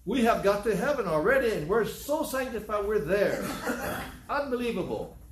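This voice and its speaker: A man's voice: high voice, roomy sound, a little hiss or hum, rough recording. A man preaching a sermon as pastor, talking conversationally and teasing his congregation with questions.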